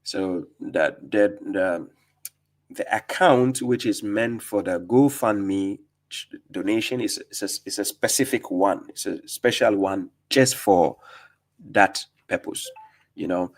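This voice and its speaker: A man from Ghana, hosting a live religious Q&A stream, reading viewer comments aloud and answering with quick retorts and many fillers. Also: lowish voice.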